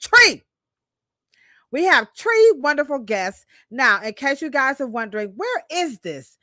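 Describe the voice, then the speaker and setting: A woman's voice: high-pitched, sing-song, normal speed, pushed and bright, no echo, clean studio sound. A woman from Cleveland co-hosting a podcast in a playful, joking, hyped-up way, speaking. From Cleveland, Ohio. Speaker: podcast co-host. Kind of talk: lively casual podcast chat.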